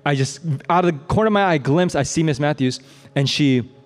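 A man from the Midwestern United States preaches in a casual, animated way and tells a story with frequent fillers and "right?" tags. His voice sits slightly high. It carries a long reverb that fills a large hall. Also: fairly quick. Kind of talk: conversational sermon storytelling.

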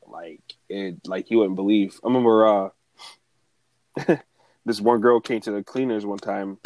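A man's voice: fairly low pitch, steady tone, a little slow, a little mellow, no room sound, rough recording. A man in casual conversation, telling a story loosely with many fillers. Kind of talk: casual chat.

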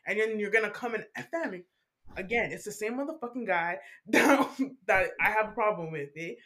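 A young woman, telling animated, profane stories from her school days in casual chat. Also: medium pitch, normal speed. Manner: animated storytelling with acted-out quotes, profane. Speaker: podcast co-host.

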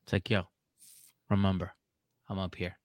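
A man's voice: sits low, flat delivery, normal speed, no echo. A man co-hosting a casual podcast who argues his point emphatically and repeats it. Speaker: podcast co-host. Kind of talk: casual chat recapping a reality show.

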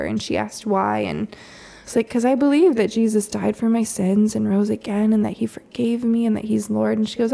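Chatty mother with a gravelly edge. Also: medium pitch, fairly quick. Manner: chatty, lots of "like" and soft laughs. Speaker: mother sharing a story. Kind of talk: casual storytelling chat.

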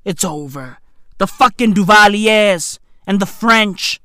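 A vlogger with delivering a comedic rant, heavy on swearing and calling out 'bruv', often bursting into shouts. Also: medium pitch, takes it slowly, dry recording, studio quality. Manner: profane, animated, keeps calling out 'bruv'.

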